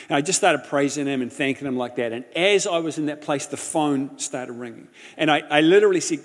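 A man's voice: fairly high pitch, quick pace, few pauses. Impassioned man preaching in a reverberant hall. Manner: impassioned storytelling, swings from loud to hushed. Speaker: pastor. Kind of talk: sermon.

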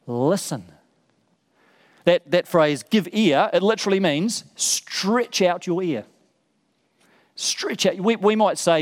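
A man's voice: high voice, big-room sound. A man preaching a sermon in an earnest way, stressing points by repeating words. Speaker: pastor.

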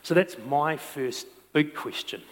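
A male pastor preaching a sermon. He swings between loud, emphatic stretches and quiet, intense ones. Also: a little high, slow, long reverb tail, slight background noise. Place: church sanctuary.

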